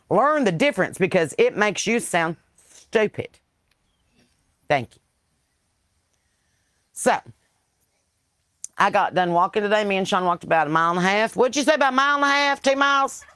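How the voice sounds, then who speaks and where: A woman's voice: medium pitch, expressive, normal speed, pauses often, no room sound. A Southern woman hosting a casual livestream podcast, reading viewer comments in a blunt, profane, folksy preaching way on a porch, into a computer mic. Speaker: podcast host.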